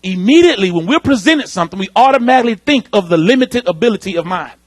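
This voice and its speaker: Male pastor, animated sermon delivery, high and husky. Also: fast, dry recording. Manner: animated preaching, calls out to the congregation. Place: church sanctuary.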